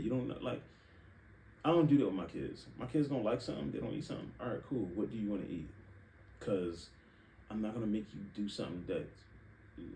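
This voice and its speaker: A young man hosting a podcast, telling candid personal stories in a frank, profane, animated way. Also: on the low side. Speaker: podcast host. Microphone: live stream setup. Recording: echoey room, distant mic, faint hiss.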